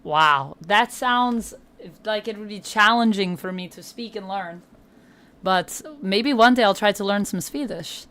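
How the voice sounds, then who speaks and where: Woman streaming and just chatting, mid pitch, thinks out loud, asks herself stuff. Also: a little slow. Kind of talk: casual livestream chat.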